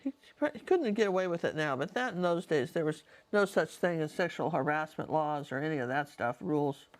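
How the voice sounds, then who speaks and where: A woman's voice: deep voice, lively intonation, a little fast. A middle-aged woman painting and telling stories from her life in a chatty, digressive way, talking straight to the viewer. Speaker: painter and storyteller. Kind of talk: casual storytelling while painting.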